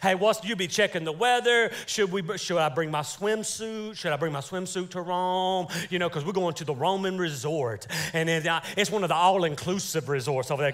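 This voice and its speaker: High-voiced, joking preacher man. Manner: animated, joking preacher calling for amens. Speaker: pastor. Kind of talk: sermon. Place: church sanctuary.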